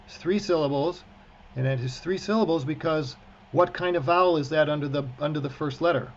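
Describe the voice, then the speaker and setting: A man with a fairly high voice leads an online Hebrew reading class, encouraging students as he goes. He often backtracks and restarts his sentences. The video-call audio is muffled, with a faint hiss underneath. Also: brisk. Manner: encouraging, frequent fillers and restarts. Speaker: cantor teaching prayer-book Hebrew.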